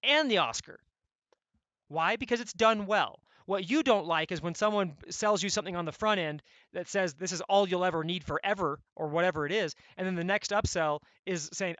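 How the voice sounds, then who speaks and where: A man coaching members on online sales funnels, talking in an energetic, blunt, conversational way and often checking in with "right?". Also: high-pitched, moderate pace, no room sound. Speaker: e-commerce coach.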